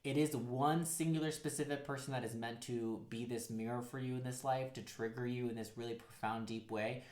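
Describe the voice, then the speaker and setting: A man's voice: mid-range voice, fairly even intonation, fairly quick, a little mellow, echoey room. Rambling man giving a tarot reading. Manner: rambling, heavy use of "like", acts out quotes. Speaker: tarot reader. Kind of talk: casual tarot card reading.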